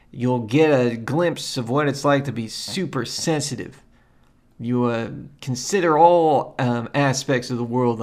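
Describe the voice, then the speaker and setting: A man hosting a solo spiritual podcast, rambling and meandering in a loose, conversational way and often repeating himself. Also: mid-range voice. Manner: loose and conversational, with frequent ums and asides. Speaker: podcast host.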